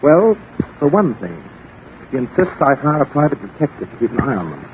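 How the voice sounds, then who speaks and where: A man's voice: on the high side, very animated, brisk, a little hiss or hum. A man playing a flustered, fussy English aristocrat in a 1940s radio drama, blustering and chuckling. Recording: tinny old 1940s radio broadcast.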